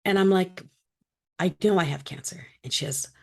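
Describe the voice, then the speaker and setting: A middle-aged woman, a guest on an interview show, tells a personal story in an animated way, acting out the lines of the people in it. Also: fairly low pitch, moderate pace. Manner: animated, acts out quoted dialogue.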